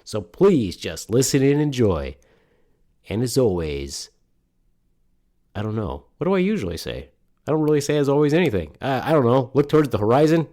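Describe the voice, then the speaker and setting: A man's voice: medium pitch, sing-song, normal speed, warm tone. A middle-aged man from Michigan hosting a casual podcast, rambling and joking with plenty of swearing. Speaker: podcast host. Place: home studio.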